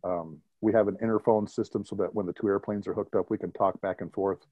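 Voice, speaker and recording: A man in his fifties, a retired military pilot, telling lively anecdotes as an interview guest and chuckling at his own stories. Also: lowish voice, fairly quick, no room sound, phone-quality sound. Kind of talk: conversational interview storytelling.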